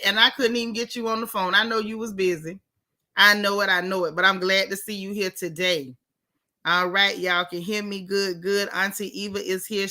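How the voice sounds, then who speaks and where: A woman hosting a casual livestream, warmly greeting chat viewers one by one by name. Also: medium pitch. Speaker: livestream host. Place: home in Texas.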